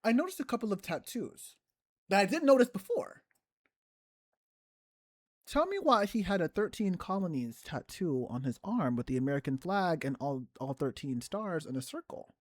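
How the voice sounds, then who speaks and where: A woman co-hosting a casual podcast, telling a story in a candid, profane way and pitching in as the show's host. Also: very animated, normal speed. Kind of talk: casual chat.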